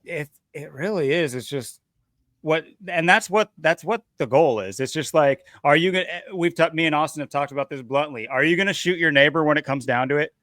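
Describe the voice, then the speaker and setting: Co-hosting a podcast, a man with a voice on the high side and a fairly bright tone talks a little fast, getting intense as he builds an argument in casual chat. The recording is dry and studio quality.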